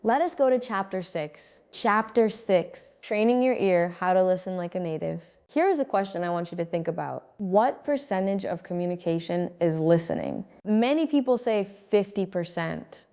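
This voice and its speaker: A woman giving a calm, scripted English-speaking lesson, pronouncing each word clearly and steadily. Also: fairly low pitch, moderate pace, few pauses. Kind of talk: scripted instructional narration.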